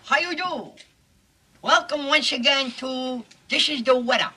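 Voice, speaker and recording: A man's voice: very high-pitched, unhurried, bright, forceful tone, full character voice, poor audio. An actor playing a bumbling TV weatherman with a put-on foreign accent, rambling in garbled English in a 1950s film comedy.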